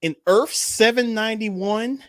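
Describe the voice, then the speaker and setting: A man's voice: high-pitched, unhurried, no room sound, clean studio sound. A man co-hosting a casual podcast, teasing his friend and laughing as he talks. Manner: teasing, laughs while talking. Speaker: podcast co-host. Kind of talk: casual chat.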